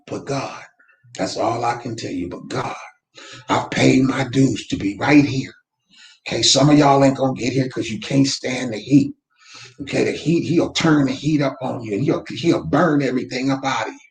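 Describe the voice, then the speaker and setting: A man running his company's weekly motivational talk from home, speaking fervently like a preacher and breaking into shouts. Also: medium pitch, normal speed, reverberant. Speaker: real estate company owner, host. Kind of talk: live faith-based motivational talk. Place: room at home. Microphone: camera mic.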